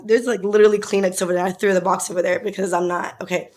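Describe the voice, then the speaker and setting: A woman's voice: mid-range voice, little pitch movement, very fast, a little mellow. A young adult woman co-hosting a podcast, telling a personal story in casual, emotional chat with many fillers. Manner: emotional, tearful at times, filler-heavy. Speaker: podcast co-host.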